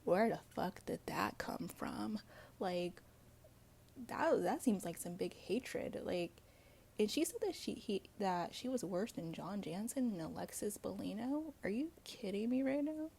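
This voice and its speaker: Gravelly-voiced woman dishing gossip. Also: mid-range voice, expressive, a little slow, dark tone. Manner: blunt, gossipy, swears freely; chatty with frequent fillers and asides. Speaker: reality TV commentary host. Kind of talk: casual solo commentary to viewers.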